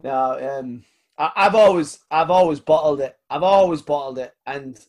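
A man's voice: fairly high pitch, normal speed, darkish tone. A man hosting a podcast in casual chat, easygoing, with fillers and casual swearing. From United Kingdom. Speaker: podcast host.

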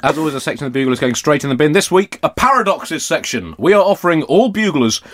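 A man's voice: fairly high pitch, expressive, fast. A man with an English accent hosting a comedy podcast, dry, mock-formal and digressive. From Britain.

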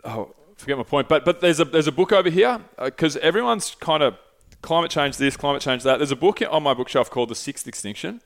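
Animated and fairly quick, this podcast host speaks in a slightly high voice with an Australian accent. His casual talk is loose and meandering; he curses freely and often forgets where he was going.

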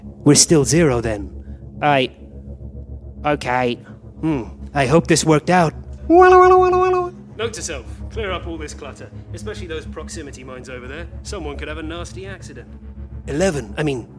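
An actor in a live stage comedy playing quarrelling versions of one male time traveler, trading quick comic banter and yelping through scuffles. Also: medium pitch, natural voice.

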